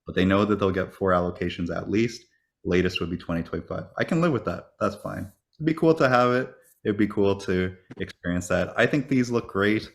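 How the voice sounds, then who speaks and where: A man with a deep, low-pitched voice chats casually on a podcast over a call. He tells his stories in an animated, joking way and swears freely. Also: fairly quick, vocal fry. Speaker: podcast co-host. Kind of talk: casual chat.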